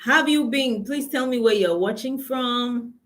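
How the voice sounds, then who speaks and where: A woman's voice: a little high, a little slow, fairly bright tone, poor audio. A woman with a Nigerian accent, a coach hosting a casual live stream from her phone, greeting viewers by name and laughing often.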